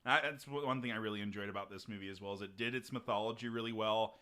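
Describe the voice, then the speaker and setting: A man co-hosting a podcast in casual chat, halting and restarting with fillers. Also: on the low side, steady tone, sharp tone, clear, resonant tone. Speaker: podcast co-host.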